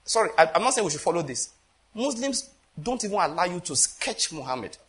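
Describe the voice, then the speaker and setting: A man preaching a sermon with passion, swinging between loud emphasis and quiet asides, often asking the congregation rhetorical questions. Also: high voice, big pitch swings, brisk.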